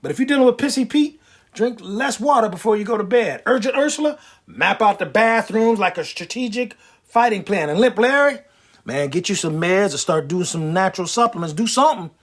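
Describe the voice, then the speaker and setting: Husky man, animated comic storyteller. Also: high voice, a little fast. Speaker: comedian and prostate cancer survivor. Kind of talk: stand-up comedy monologue.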